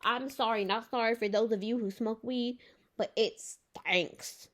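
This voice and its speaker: A woman's voice: fairly high pitch, measured pace. A young woman vlogger telling a story in a casual rant, exasperated, swearing and filling her talk with "like". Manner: exasperated, swears and says "like" often.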